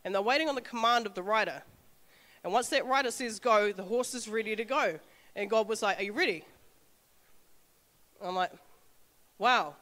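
A woman, telling an animated testimony with frequent laughter. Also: fairly high pitch, fairly quick, long reverb tail. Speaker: speaker sharing a testimony. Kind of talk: informal sermon talk.

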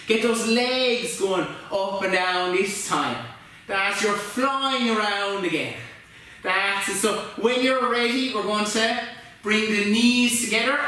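A man leads a children's yoga class in a gentle, playful, encouraging way, with a slow, unhurried delivery. His voice rings around a very echoey room, and he sounds some distance from the mic. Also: sits high. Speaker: kids' yoga teacher. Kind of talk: guided yoga instruction for children.

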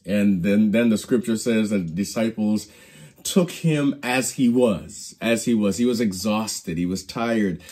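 Male Bible teacher, preacherly storyteller, dark and slightly husky, restarts phrases. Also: fairly low pitch, unhurried. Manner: preacherly storytelling, acts out quoted lines. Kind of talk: Bible study lesson.

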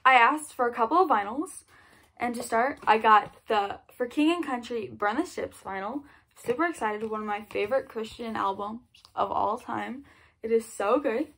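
A woman's voice: on the high side, moderate pace, a bit bright, slight background noise. Gushing, chatty young-sounding woman vlogger. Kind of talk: casual gift haul vlog.

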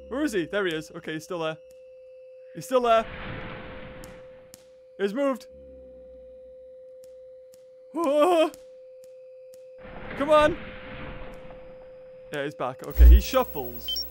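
A man commentating a horror video game, jumpy and loud, yelping, laughing and talking to the characters. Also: high voice, sing-song, slow pace, long pauses, a little hiss or hum. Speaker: gaming video host.

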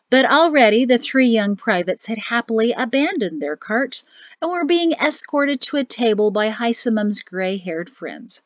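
A woman narrating an audiobook in a lively, expressive storytelling manner. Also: fairly high pitch, normal speed, dry recording. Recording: dry, slightly muffled audio.

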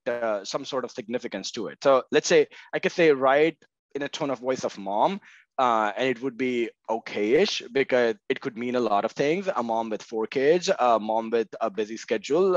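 A man's voice: medium pitch, no echo, lo-fi sound. A man speaking as an interview guest in casual conversation, hedging with fillers and often asking "right?". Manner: many fillers, frequent "right?" checks. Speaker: guest, marketing tech co-founder.

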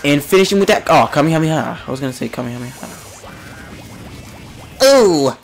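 A young male gamer narrating his own play in a lively, swooping voice. He swings from exasperated grumbling to excited yelps and silly jokes. His voice sounds a little sick. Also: mid-range voice, very fast, creaky, faint music behind. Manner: exasperated, excitable, jokey, frequent yelps and grunts. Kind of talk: let's play commentary.

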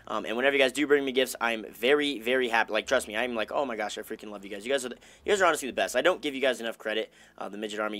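A young man giving casual, chatty commentary over his own gameplay, talking to himself and his fans. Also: mid-range voice. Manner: chatty, self-talking, upbeat, bursts of excitement. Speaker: gaming YouTuber.

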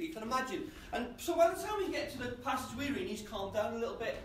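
A man's voice: extremely high pitch, very animated, fast talker, few pauses, fairly bright tone. A man preaching a sermon in a church, conversational and often asking the congregation questions. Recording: echoey church from a distance.

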